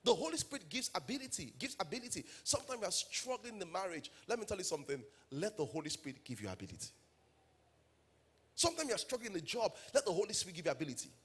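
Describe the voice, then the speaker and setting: A man's voice: high-pitched, big pitch swings, fast, fairly bright tone, slightly rough. A man with a Nigerian English accent preaching a sermon as pastor, telling stories and building to emphatic calls to the congregation.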